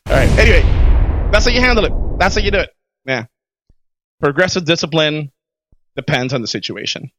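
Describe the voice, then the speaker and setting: Bright, animated man explaining HR. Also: fairly high pitch, a little fast, long pauses, slight background noise. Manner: animated storyteller, laughs often, does voices in anecdotes. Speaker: HR consultant and teacher. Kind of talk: casual podcast chat.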